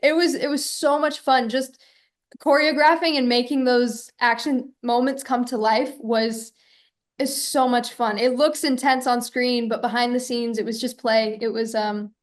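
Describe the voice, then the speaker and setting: A woman's voice: on the high side, fairly even intonation, a little slow. A woman, an actress, talking about her action scenes in an upbeat, enthusiastic way. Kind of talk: press junket interview.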